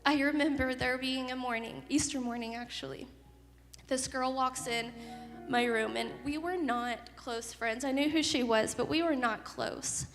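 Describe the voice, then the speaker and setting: A woman's voice: high-pitched, steady tone, unhurried, big-room sound, over music. A woman giving an earnest, emotional testimony to a youth group. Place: youth service hall.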